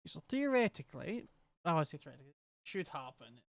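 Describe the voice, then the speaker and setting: A man's voice: on the high side, very animated, fast talker, vocal fry, no echo, clean studio sound. A man with a Scottish accent streaming a game, rambling and thinking aloud as he troubleshoots his setup. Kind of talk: casual gameplay commentary.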